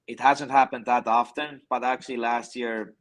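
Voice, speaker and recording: A man from Finland with a Finnish accent, a hockey player guest answering in halting English and often repeating words. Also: mid-range voice, fairly even intonation, fairly bright tone. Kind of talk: casual interview.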